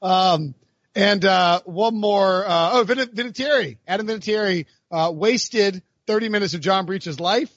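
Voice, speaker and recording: Fairly high, lively male voice cracking jokes as a sports podcast co-host. The sound is dull and lo-fi, dry with no room echo. He keeps the banter loose and playful. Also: a little slow. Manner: jokey, animated, slips into silly voices.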